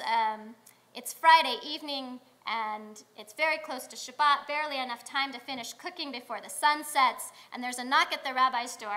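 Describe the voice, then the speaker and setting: Bright high-voiced woman giving a sermon. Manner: conversational storytelling with pauses. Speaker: rabbi. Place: synagogue sanctuary.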